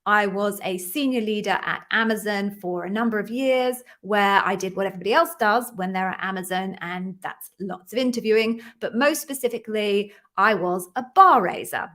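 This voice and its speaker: A middle-aged woman from London hosting a live stream, chatting warmly with viewers and greeting each by name before explaining her work as an interview coach. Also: medium pitch, normal speed, few pauses. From London, England.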